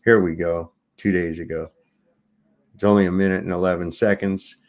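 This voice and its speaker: A man's voice: deep voice, fairly even intonation, moderate pace. Sarcastic, cursing male video commentator. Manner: sarcastic, swearing, rambling. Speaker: host.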